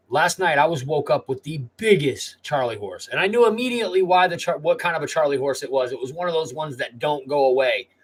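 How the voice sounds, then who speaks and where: A man's voice: mid-range voice, rough recording. A man hosting a live stream, chatting casually in a rambling, laid-back way.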